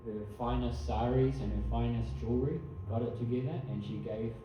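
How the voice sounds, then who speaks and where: A man's voice: medium pitch, fairly quick, muffled recording, slight background noise. Man telling a story in an echoey hall. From New Zealand. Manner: chatty, self-correcting, laughs softly at own asides. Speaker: storyteller at a temple program. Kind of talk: casual devotional storytelling. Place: temple hall. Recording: distant mic in very echoey room.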